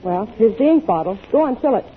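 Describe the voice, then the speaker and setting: A woman playing a patient, exasperated wife and mother in a 1940s radio sitcom, gently scolding, on a scratchy old broadcast. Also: fairly high pitch, lively intonation, quick pace, breathy edge, phone-quality sound.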